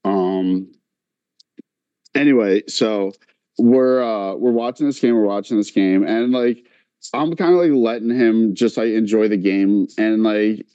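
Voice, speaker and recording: A man tells a story on a podcast in a loose, animated way, peppering it with fillers and acting out what others said. His voice sits low and mellow. The sound is dry and a little dull. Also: measured pace, smooth, no echo. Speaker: podcast co-host telling a story. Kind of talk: casual storytelling chat.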